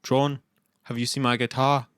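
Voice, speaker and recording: A man's voice: medium pitch, level tone, moderate pace, fairly bright tone, smooth, no room sound, clean studio sound, close to an everyday voice. A man putting on a whiny young man asking around for his lost guitar.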